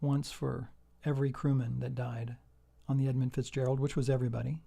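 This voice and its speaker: A man's voice: mid-range voice, flat delivery, brisk, vocal fry, warm tone. A man giving a casual guitar lesson, walking through a song and counting out the beats. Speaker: guitar teacher. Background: acoustic guitar playing.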